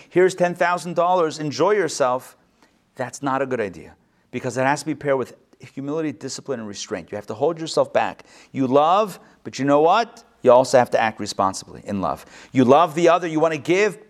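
A rabbi giving a live Torah class, animated, with joking asides and quick self-corrections. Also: male voice, mid-range voice.

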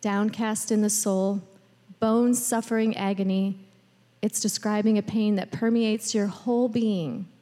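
A woman's voice: medium pitch, steady tone, a little slow, warm tone. A female pastor preaching a sermon in an earnest, personal way. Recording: hall reverb.

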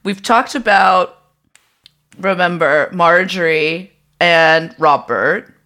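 A woman's voice: on the low side, slow pace, pushed and bright. A woman co-hosting a podcast in casual chat, blunt and opinionated. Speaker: podcast co-host.

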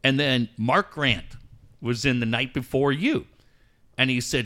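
A man hosting a radio talk show, telling lively anecdotes with laughter and quick impressions of other people. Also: mid-range voice. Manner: animated, laughing, acts out voices in anecdotes. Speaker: radio host. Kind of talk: casual storytelling chat.

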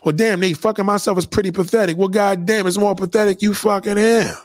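A man streaming a casual, profane monologue, preachy and animated as he lectures his viewers. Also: high-pitched, fast talker, no echo. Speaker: live streamer.

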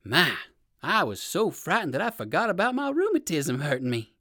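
A man voicing a kindly old gentleman rabbit in a storybook reading, with high, excited exclamations. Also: normal speed, no room sound, clean studio sound, heavily acted. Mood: cheerful.

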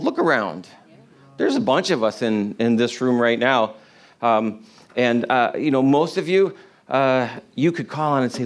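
A man's voice: medium pitch, animated, measured pace. A man preaching an informal sermon to a congregation in a room, earnest and conversational, often restarting his phrases. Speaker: pastor.

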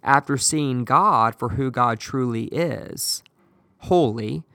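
A man preaching a sermon in a measured, emphatic way, with slow deliberate pauses. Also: medium pitch, bright, forceful tone, no echo, studio quality.

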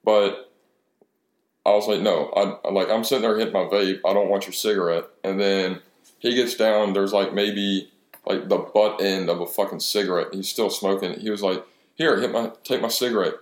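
He's in his twenties, with a deep voice, fairly even intonation, and normal speed. The echo of the room carries his crude, rambling story from a bar, told in casual chat with the other people's words acted out in quotes.

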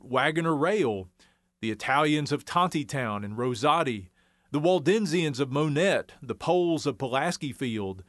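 A man's voice: medium pitch, no echo. A man from the Ozarks, giving wry, folksy scripted documentary narration. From Arkansas Ozarks.

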